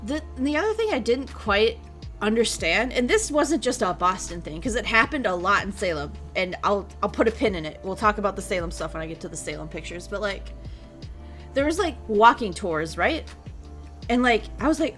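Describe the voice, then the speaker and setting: A woman chatting on a stream in a loose, rambling way, giggling often and swearing without a second thought. Her pitch sits in an ordinary middle range. Soft music plays faintly underneath her talk. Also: lively intonation, a little fast. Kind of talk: casual chat.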